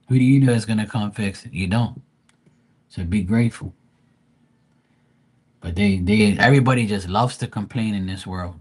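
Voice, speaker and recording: Husky, low-voiced ranting man. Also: moderate pace, long pauses, a little mellow. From Bermuda. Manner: blunt, profane, ranting. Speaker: tarot reader and live stream host. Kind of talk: ranting live stream chat.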